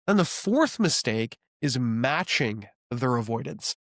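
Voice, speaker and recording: A man in his thirties talking calmly and earnestly to camera, giving relationship advice and acting out example phrases. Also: mid-range voice, slow, dry recording, clean studio sound. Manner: calm, earnest, coaching tone with acted example phrases. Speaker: relationship coach.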